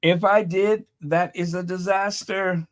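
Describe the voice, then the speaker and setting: Slow-talking man hosting a chatty livestream. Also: high-pitched, steady tone. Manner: chatty, exasperated, thinks aloud. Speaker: livestream commentary host. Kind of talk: casual live chat with viewers.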